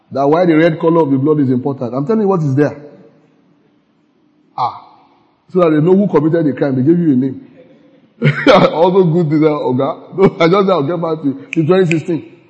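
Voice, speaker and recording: The pastor's pitch is fairly high now, and he talks briskly but leaves long pauses in his relaxed, chatty sermon. Frequent laughter and questions about whether listeners follow him mark his style, heard through muffled audio and a long hall echo.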